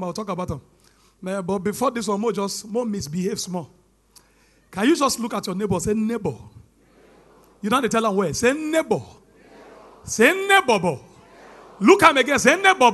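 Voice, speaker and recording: A young Nigerian man doing animated stand-up comedy, mixing in pidgin and shouting his punchlines. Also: high voice.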